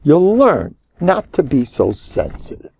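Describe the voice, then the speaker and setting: Gravelly older rabbi, jovial and animated. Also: male voice, a little high, unhurried, dry recording. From United States. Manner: jovial, laughing, mock-dramatic asides. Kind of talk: Purim sermon.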